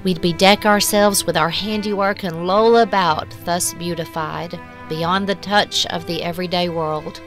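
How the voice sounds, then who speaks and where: A woman reading a short story aloud in a measured, hushed, wistful way. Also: lowish voice, steady tone. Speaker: story narrator. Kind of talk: scripted storybook narration. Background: soft music.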